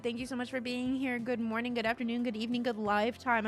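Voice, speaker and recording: A woman's voice: fast talker, hardly any pauses, faint music behind. A young woman streaming live, chatting casually with her viewers and reading their messages aloud. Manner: animated, swings from low mumbles to shrieking laughs; reads chat aloud and jokes with viewers.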